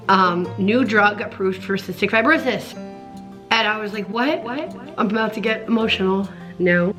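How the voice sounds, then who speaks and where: A woman's voice: mid-range voice, fairly bright tone. A young woman talking earnestly and emotionally in a casual personal vlog at home, rambling with many restarts. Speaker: vlogger.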